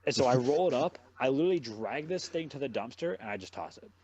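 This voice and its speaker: A young male podcast host with a medium-pitched, slightly rough voice talks fast while telling a long story in casual chat. He swears constantly and rambles in an animated way. The highs in the recording are cut off.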